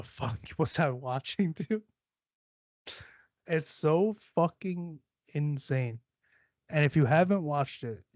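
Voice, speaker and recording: A man's voice: medium pitch, a little mellow, no room sound. A man hosting a podcast, chatting casually in a rambling, profane way and laughing often. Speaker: podcast host. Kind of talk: casual solo podcast chat. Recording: dull, lo-fi sound.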